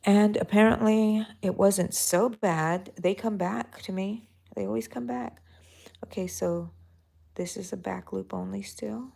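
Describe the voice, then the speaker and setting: A middle-aged woman hosting a live crochet tutorial, talking softly and mellowly, sometimes drifting into a whisper as she works. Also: mid-range voice, fairly even intonation, measured pace, vocal fry. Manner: soft, mellow, drifting into whispers while counting stitches. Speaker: crochet channel host.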